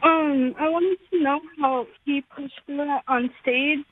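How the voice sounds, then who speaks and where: A woman's voice: high-pitched, fairly even intonation, takes it slowly, dry recording. A woman calling in to a radio show, nervous and emotional, speaking hesitantly with fillers. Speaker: radio caller. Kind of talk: caller on a radio phone line. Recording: tinny phone line.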